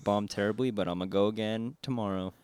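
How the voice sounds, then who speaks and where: A man's voice: fairly low pitch, fairly even intonation, fairly quick, a little mellow, smooth, no room sound, studio quality. A man who does stand-up, a podcast guest chatting in a laid-back, wry way. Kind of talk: casual podcast chat.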